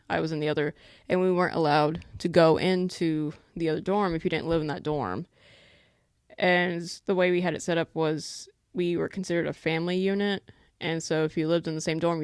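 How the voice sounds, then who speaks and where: A young woman in her twenties chats loosely and rambles on a solo podcast, her voice sitting a little low. The sound is close and dry, with no room echo. She often stops to scold a pet at home. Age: 20s. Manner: chatty, rambling, talks to her pet between thoughts. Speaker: podcast host. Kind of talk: casual solo podcast chat.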